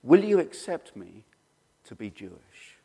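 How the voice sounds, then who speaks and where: A man's voice: medium pitch, sing-song, a little slow, vocal fry, warm tone, breathy edge. A middle-aged man telling his personal faith story in an earnest, storytelling way, acting out the people he quotes. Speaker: speaker sharing his testimony. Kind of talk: personal testimony. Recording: long hall reverb.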